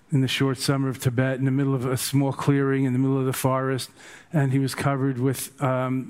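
A man's voice: medium pitch, darkish tone. An older man tells meditation stories in a loose, joking way. He wanders between anecdotes as a teacher speaking to a group. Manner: chatty, humorous, digressive. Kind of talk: storytelling dharma talk.

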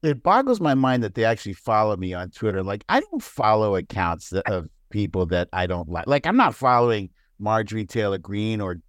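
Guy on a podcast, talks all over the place pitch-wise, laughs a lot, dry mic. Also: a little fast, hardly any pauses, no room sound. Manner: animated, laughs often, jumps into high mocking voices. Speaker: podcast guest. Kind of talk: casual chat.

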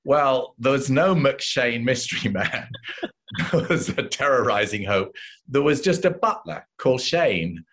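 Lively English man telling stories. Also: medium pitch, unhurried. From England. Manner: lively anecdotes, quoting others with voices. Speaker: actor guest. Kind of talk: casual interview storytelling.

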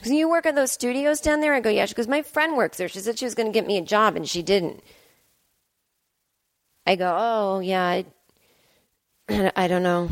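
A woman hosting her own podcast, telling a comic story in a self-deprecating way and acting out both sides of the conversation. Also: fairly low pitch. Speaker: podcast host. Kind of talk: solo comedic storytelling. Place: home apartment.

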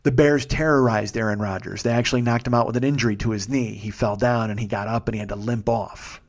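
A man hosting a podcast, telling a long, profane, excitable story in a casual monologue. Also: on the low side, quick pace. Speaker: podcast host.

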